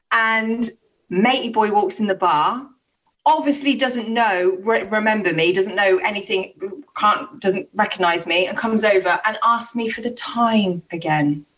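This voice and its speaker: A woman's voice: medium pitch, distant mic, poor audio. Chatty woman, slightly off-mic. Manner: animated, acts out quotes, frequent fillers and restarts. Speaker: podcast co-host telling stories. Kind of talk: casual storytelling chat. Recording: voice a little off-mic.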